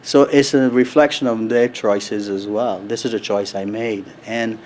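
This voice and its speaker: A middle-aged man answering interview questions at a convention in an earnest, measured way, with many fillers and restarts. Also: fairly low pitch, fairly even intonation, a little mellow, a little hiss or hum. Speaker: resort executive, interview guest. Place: convention floor.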